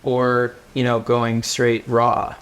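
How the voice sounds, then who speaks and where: A man speaking as a comic book writer on a live panel, animated and rambling, laughing between thoughts. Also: medium pitch, takes it slowly, a little hiss or hum. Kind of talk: casual live panel talk. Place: live event before an audience.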